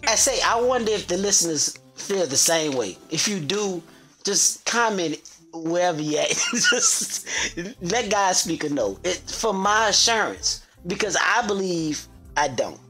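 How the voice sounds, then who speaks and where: A man's voice: sits high, wildly swooping pitch, unhurried, pushed and bright, faint music behind. A man trading playful trash talk in casual podcast banter, his voice compared to a famous comedian's.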